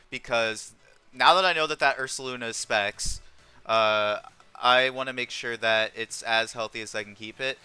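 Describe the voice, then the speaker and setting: A young man narrates his competitive game match live, weighing every move aloud and filling pauses with ums. His voice is very bright and smooth, with soft music playing faintly behind him. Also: mid-range voice. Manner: thinks aloud with frequent ums. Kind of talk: live gameplay commentary.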